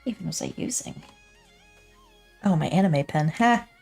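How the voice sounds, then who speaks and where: A woman with a lowish, creaky, darkish voice and a breathy edge thinks aloud at a moderate, animated pace while drawing on stream, with faint music behind. The digital artist is chatty and self-deprecating, joking to herself into her desk mic with a pop filter.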